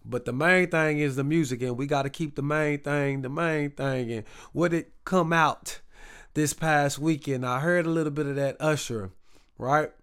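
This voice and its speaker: A Southern man from Texas talks straight to his listeners on his own podcast, chatty and a little repetitive, with hype lines he says over and over. His voice sits a touch higher than most men's. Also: fairly even intonation, moderate pace, fairly bright tone, smooth. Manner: chatty, repetitive, hype call-and-response phrasing. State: recovering from a rough voice. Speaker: podcast host. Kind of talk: casual solo podcast talk.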